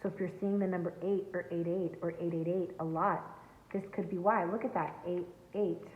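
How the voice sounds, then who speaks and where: A woman's voice: on the low side, fairly even intonation, brisk. A woman giving an earnest, emphatic tarot reading to her viewers from home. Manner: earnest, emphatic, spiritual coaching tone. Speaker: tarot reader. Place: home, near a backyard. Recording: echoey, tinny phone-like sound.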